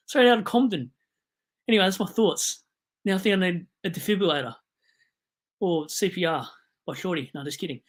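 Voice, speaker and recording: A young Australian man hosting a casual live stream, excitable and digressive, jumping from loud outbursts to mumbled asides. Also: sits high, brisk, pauses often.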